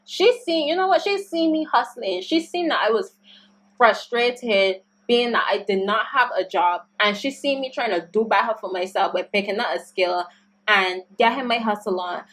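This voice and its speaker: A young woman telling a storytime vlog story, animated and slangy as she vents. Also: medium pitch. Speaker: YouTuber.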